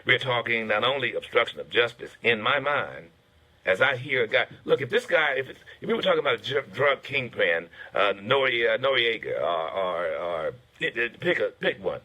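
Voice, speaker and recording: A male radio host with a husky, bright voice. He talks with lots of lift and swing in his pitch. His commentary is indignant, and he keeps turning to "folks.". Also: big pitch swings, normal speed. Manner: indignant, addresses listeners as folks. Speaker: radio talk show host. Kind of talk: political commentary.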